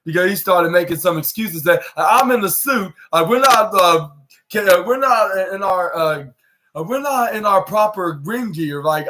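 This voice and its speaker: A man's voice: sits high, bright, forceful tone. A young man hosting a podcast, recapping a wrestling show in a rambling way and acting out the quoted lines. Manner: rambling, many restarts, acts out quoted lines. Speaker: podcast host.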